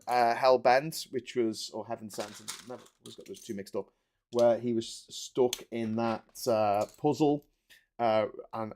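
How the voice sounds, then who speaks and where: Here a livestream host in his forties speaks with a warm voice on the low side. He keeps up casual, animated rambling as he builds, swearing every so often.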